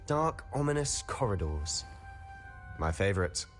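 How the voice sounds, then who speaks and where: A man's voice: lowish voice, very animated, unhurried, soft background music. An actor playing a witty, eager young male wizard student in a video game, given to wry, teasing banter. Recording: game audio with long reverb.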